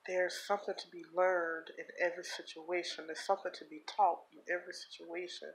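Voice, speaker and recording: A woman speaking in a personal confessional vlog, earnest and heartfelt, holding back tears, with halting repeats. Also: fairly low pitch, level tone, rough recording. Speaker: vlogger.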